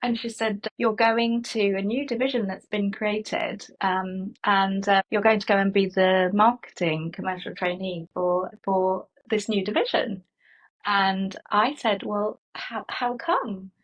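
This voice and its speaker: Middle-aged woman guest, husky voice, animated storyteller who acts out the voices of others. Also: medium pitch, a little slow, lo-fi sound. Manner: animated, acts out quoted dialogue. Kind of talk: conversational storytelling.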